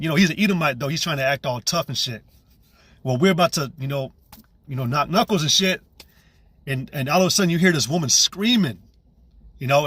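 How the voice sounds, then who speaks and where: A man's voice: on the high side, fairly bright tone, dry recording. Intense profane man telling his testimony. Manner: intense, profane, with many restarts and "you know"s. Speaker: channel host giving testimony. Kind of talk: personal testimony, casual storytelling.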